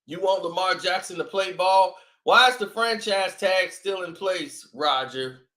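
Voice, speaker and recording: High, slow, sarcastic man in an echoey room. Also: sharp tone. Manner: sarcastic, laughs often between remarks. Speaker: commentator reacting to a video clip. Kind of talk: mocking reaction commentary.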